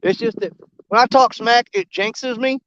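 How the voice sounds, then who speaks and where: A man's voice: extremely high pitch, moderate pace, fairly bright tone, highs cut off. A man, hosting a fishing livestream from a riverbank and chatting easily with viewers. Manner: rambling, easygoing, greets viewers by name. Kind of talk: casual live-stream chat while fishing. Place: outdoors on a riverbank.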